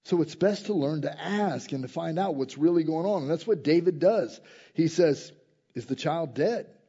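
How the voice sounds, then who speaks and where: Emphatic preacher with a mellow, fairly high voice. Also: male voice, normal speed, slightly rough, lo-fi sound. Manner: swings between quiet reflective passages and loud emphatic rises; asks the listeners direct questions. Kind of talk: sermon.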